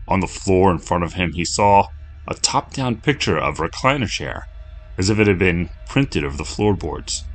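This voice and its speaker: A man with a very deep voice reads a scripted horror story. His delivery is low, measured and steady, with faint music sitting underneath.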